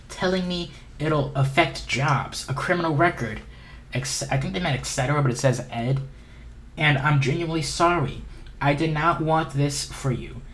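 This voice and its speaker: A man hosting a commentary channel, reading a document and chat logs aloud in a halting way, with frequent fillers and restarts. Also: a little high, fairly bright tone. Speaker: YouTube commentary host.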